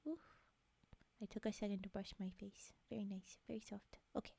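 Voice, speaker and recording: A sleepy woman ASMR streamer, whispering softly and breathily into a close, turned-up mic while chatting with viewers. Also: medium pitch, steady tone, fairly quick, vocal fry, no room sound. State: sleepy, yawning. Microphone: close sensitive mic turned up.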